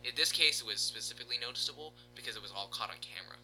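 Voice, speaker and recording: A man's voice: mid-range voice, animated, very fast, music in the background, rough recording. A man chatting casually as a podcast co-host, rambling through a story with lots of filler words. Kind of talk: casual chat.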